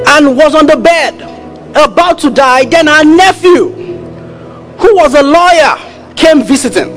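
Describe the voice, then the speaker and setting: A man preaching a sermon as a pastor, telling stories and acting out the dialogue of their characters with animated pitch jumps. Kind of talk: sermon storytelling.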